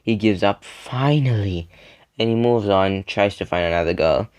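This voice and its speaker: A man's voice: on the low side, moderate pace, darkish tone, clear, resonant tone. A young man telling a casual story to the camera in a rambling way, full of fillers and laughing between sentences. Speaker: storytime video creator.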